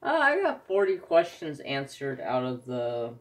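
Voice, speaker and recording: A man's voice: medium pitch, wildly swooping pitch, measured pace. A man chatting casually in his craft vlog, telling anecdotes animatedly. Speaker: craft vlogger. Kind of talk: casual chat while crafting.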